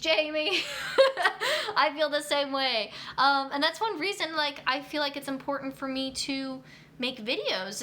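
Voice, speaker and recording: A young woman talks through a casual live stream about nutrition, answering viewer comments as they come in. Her voice is bright and sits a bit high, and she fills her answers with ums and you-knows. A faint hum of room noise runs underneath. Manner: chatty, many fillers like um and you know.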